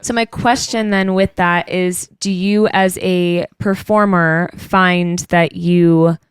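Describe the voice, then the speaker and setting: Clear-voiced woman co-hosting a podcast. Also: lowish voice, steady tone, takes it slowly, no room sound. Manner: chatty, rambling questions. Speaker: podcast co-host. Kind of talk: casual podcast interview.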